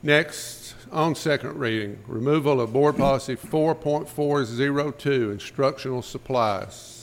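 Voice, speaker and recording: A man chairing a school board meeting, running through motions and votes in a brisk, routine manner. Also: mid-range voice. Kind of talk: formal meeting procedure.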